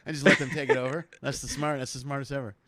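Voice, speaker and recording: A man hosting a casual comedy interview over a video call, joking and excitable, jumping from loud bursts to low mutters. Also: very fast, very noisy. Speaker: comedian host of a video chat show.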